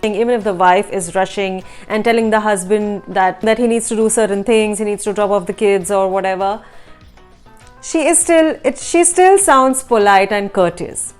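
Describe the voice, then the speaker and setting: A woman hosting a language lesson, explaining translation choices in a measured, explanatory way. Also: mid-range voice, clean tone, faint music behind. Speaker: language teacher and host.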